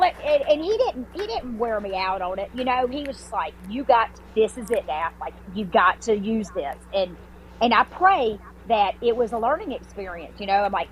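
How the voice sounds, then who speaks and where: A woman, a podcast guest telling her story in casual talk, animated and swearing freely, with many restarts and fillers. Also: medium pitch, slight background noise, low-quality recording.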